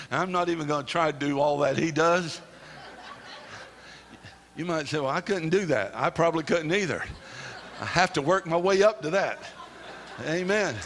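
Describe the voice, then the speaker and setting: A man preaching with fervor, his voice set high and bright. He speaks slowly and repeats phrases, rising at times into shouts. The sound rings with long reverb from a large church hall. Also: slight background noise. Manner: fervent, repetitive preaching that swells into shouting. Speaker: pastor. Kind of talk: sermon. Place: church sanctuary.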